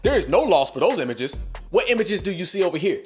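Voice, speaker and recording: A man's voice: sits high, big pitch swings, fast talker, faint music behind. A man hosting a podcast in a fiery, preachy monologue, full of rhetorical questions and profane slang. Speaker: podcast host.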